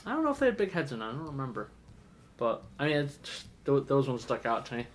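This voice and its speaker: A man's voice: mid-range voice, big pitch swings, fast talker, a little hiss or hum. A man co-hosting a casual podcast chat in a comic shop, rambling with lots of fillers and restarts. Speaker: podcast co-host.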